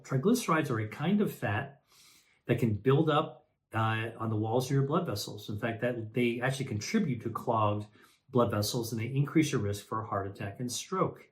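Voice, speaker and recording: A man, a physician, explaining health topics to camera in a conversational way, with many fillers and self-corrections, often checking in with "all right" and repeating key points. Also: lowish voice.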